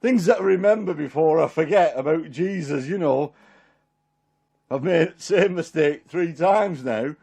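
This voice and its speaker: A man's voice: fairly high pitch, a little slow, gravelly, a little mellow, slightly rough, heavily acted. A man playing Peter, a chatty fisherman. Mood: homely. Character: apostle Peter, middle-aged fisherman, homely and warm-hearted. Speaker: performer in a one-man Bible drama. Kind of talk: dramatic character monologue.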